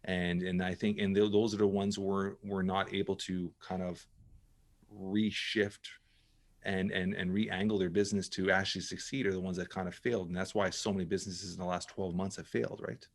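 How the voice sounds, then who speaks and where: A middle-aged man speaks quickly in a fairly low voice as a podcast guest. He talks with emphatic drive, often restarting and repeating words as he pushes his point. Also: little pitch movement. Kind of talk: casual interview talk.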